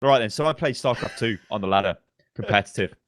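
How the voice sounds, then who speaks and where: A man's voice: fairly low pitch, fast, dry recording, clean studio sound. Laughing, swearing man on a podcast. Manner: laughing, swearing, animated storytelling. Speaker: podcast co-host. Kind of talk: casual gaming chat.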